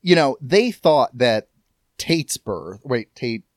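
A man's voice: medium pitch, slow, no room sound, studio quality. A man co-hosting a casual discussion podcast, talking animatedly with frequent restarts and the odd curse. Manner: animated, rambling with restarts and swearing. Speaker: podcast co-host.

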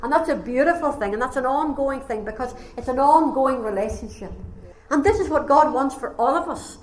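A woman's voice: high-pitched, fairly quick, slight background noise. Woman preaching in an echoey room. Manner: animated storytelling, acting out voices. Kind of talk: sermon. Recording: echoey room, faint ambience.

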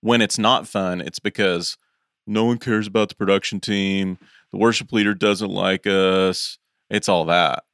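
A man's voice: deep voice, fairly even intonation, a little slow, a bit bright, no room sound, clean studio sound. A man on a podcast talking in a confident, emphatic way. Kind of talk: casual podcast conversation.

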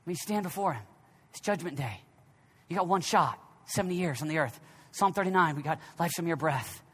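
A man in his thirties preaching a sermon, dropping to a near whisper and then rising to shouts. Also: a little high, lively intonation, brisk, breathy edge. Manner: swings from hushed, near-whispered reflection to loud, shouted exhortation. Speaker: pastor. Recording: long reverb of a large hall.

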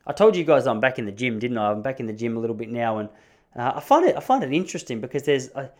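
A man's voice: mid-range voice, big pitch swings, fast. An Australian man in his thirties, hosting a casual storytelling monologue, chatty and rambling with laughs between stories.

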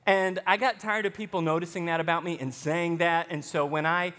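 A man with a light Arkansas Southern accent preaches from the pulpit, mixing scripture with easy, joking asides. His voice sits high for a man, and it rings out with a long reverb through the church. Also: fairly even intonation, brisk, fairly bright tone. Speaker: pastor. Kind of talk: sermon.

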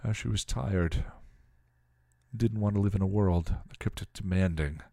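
A man reading a piece of fan fiction aloud in a steady storytelling manner. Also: sits low, a little slow, gravelly, no room sound, studio quality. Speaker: story reader.

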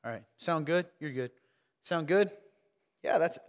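A man from the South, preaching a sermon and quizzing his congregation, swinging between loud emphasis and hushed asides. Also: mid-range voice, normal speed, long pauses, long reverb tail. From American South. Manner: energetic, questioning the crowd, wide swings from loud to hushed. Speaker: pastor. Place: church sanctuary.

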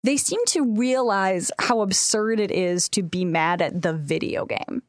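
A young adult woman co-hosting a podcast, reading out listener questions and chatting casually, with lively, animated delivery and frequent laughter. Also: mid-range voice, unhurried, no room sound, clean studio sound. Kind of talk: casual chat.

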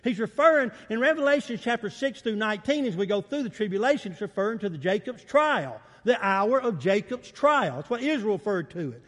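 A man's voice: high voice, big pitch swings, a little fast, few pauses, fairly bright tone, in a large hall. A man preaching a sermon in a church, calling for amens and acting out the quotes he reads. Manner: emphatic preaching with call-and-response, acts out quotes. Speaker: pastor. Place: church sanctuary.

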